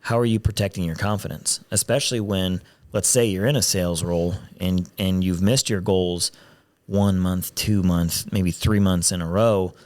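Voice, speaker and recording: Lower-voiced man hosting a podcast. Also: fairly even intonation, moderate pace, darkish tone. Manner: rambling, with frequent restarts. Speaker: podcast host. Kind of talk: casual chat. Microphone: headphones and studio mic.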